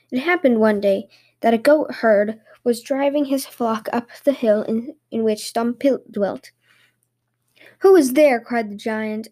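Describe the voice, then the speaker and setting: A woman host reading fairy tales aloud in lively storytelling narration. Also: on the high side.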